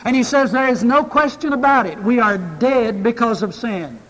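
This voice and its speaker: A man preaching a sermon, reading scripture and then telling an illustration story with dramatic pauses. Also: very high voice, expressive, a bit bright. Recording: long hall reverb.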